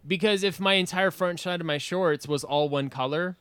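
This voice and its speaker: A man spins a story in casual podcast chat, animated and full of swearing, laughing as he talks. His voice is bright and forward, recorded close and dry with no room sound. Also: sits high, moderate pace, clean tone, no echo. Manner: animated, swears a lot, laughs while telling. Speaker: podcast guest. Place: podcast studio.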